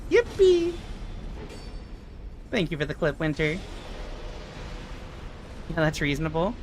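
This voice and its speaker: A young adult woman streaming a game, chatting casually with her chat and swearing in expressive outbursts. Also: sits low, normal speed, noisy background.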